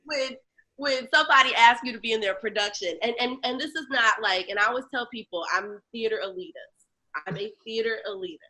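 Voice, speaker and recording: A woman from Chicago telling stories as an interview guest, lively and acting out other people's lines. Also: fairly high pitch, brisk. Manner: animated storyteller, acts out quoted voices. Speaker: guest, lactation educator and comedian. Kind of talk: casual interview chat.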